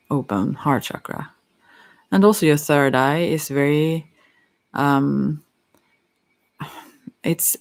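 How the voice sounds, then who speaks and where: Softspoken asmr psychic, swedish first language, teary and hesitant, really slow, kinda gravelly. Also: mid-range voice. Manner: halting, hesitant, with many fillers. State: teary-eyed. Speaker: psychic card reader. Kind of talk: softspoken ASMR chakra reading.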